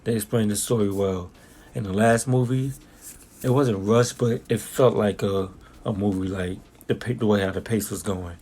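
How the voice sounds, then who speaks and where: A man's voice: on the low side, fairly even intonation, moderate pace, warm tone, husky. A young man giving a casual spoken film review, telling stories in a rambling way full of slang and restarts.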